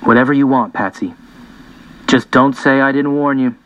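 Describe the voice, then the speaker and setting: A man's voice: mid-range voice, normal speed, natural voice, low-quality recording. A man voicing a grumbling, wary middle-aged father in an audiobook. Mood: grudging. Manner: mumbling, grudging.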